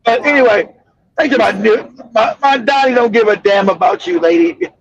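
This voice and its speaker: Man, very high voice, loud profane storyteller, muffled audio. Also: moderate pace, no echo. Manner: loud, laughing, swearing storyteller. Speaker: livestream host. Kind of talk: casual profane commentary.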